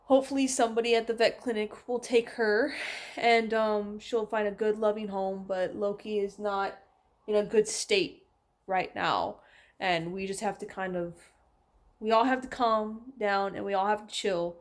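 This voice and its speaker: A woman's voice: medium pitch, fairly even intonation, moderate pace. A young woman chatting casually to camera at home, talking to her cats between thoughts. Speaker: vlogger. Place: at home, indoors.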